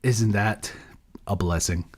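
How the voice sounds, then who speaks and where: A man's voice: on the low side, fairly even intonation, slow pace, a little mellow, breathy edge. A sleep-deprived man co-hosting a podcast by himself, rambling casually, losing his thread and laughing at himself. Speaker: podcast co-host.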